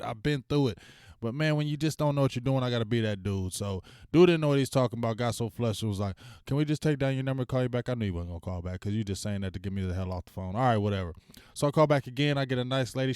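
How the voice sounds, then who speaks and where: This sports talk stream host keeps things casual and slangy with his viewers, occasionally shouting out names loudly or venting. His mid-range voice comes across smooth and resonant. Audio is dry and recorded close to the mic.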